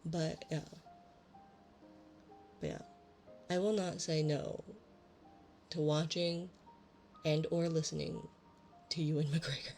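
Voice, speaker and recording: Soft-spoken gravelly woman streamer. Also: low-pitched, fairly even intonation, takes it slowly, pauses often, faint music behind. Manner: rambling, casual, self-deprecating. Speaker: ASMR streamer. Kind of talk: soft-spoken chat and storybook reading.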